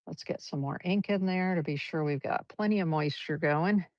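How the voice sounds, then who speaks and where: A woman's voice: low voice, moderate pace, darkish tone, no echo. A woman leading a live brush painting demonstration, chatty and encouraging as she talks through each stroke. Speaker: art teacher. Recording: dull, lo-fi livestream audio.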